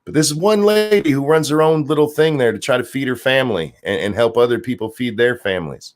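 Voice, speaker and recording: A man's voice: medium pitch, animated, brisk, hardly any pauses. A man hosting a stream, ranting sarcastically and profanely as he reacts to viewer comments. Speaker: streamer host.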